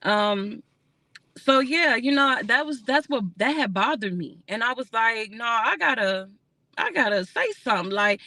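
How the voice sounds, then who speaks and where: A woman's voice: on the high side, lively intonation, unhurried, pushed and bright, no room sound. A woman hosting a casual livestream. She talks candidly and rambles, swears freely, laughs often and chats with her viewers. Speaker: livestream host.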